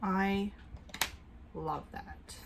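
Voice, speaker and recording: Woman, beauty vlogger, casual makeup review, chatty, upbeat, hushed asides, mid-pitched voice. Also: fairly even intonation, very slow, gravelly, a little hiss or hum.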